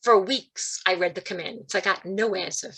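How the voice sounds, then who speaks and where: A woman giving a spiritual talk over a video call, telling stories and acting out quoted voices with big jumps in pitch. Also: normal speed, creaky, noisy background. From Italian-American, Calabrese roots. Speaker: guest speaker.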